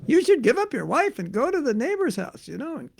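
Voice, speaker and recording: A sly male tempter who is a person's own mind, coaxing and offhand, as a man puts him on in a lecture. He talks well above the man's own range, with a rough, gravelly edge. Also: very high voice, sing-song, fairly quick, voice pushed up, exaggerated voice. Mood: tempting.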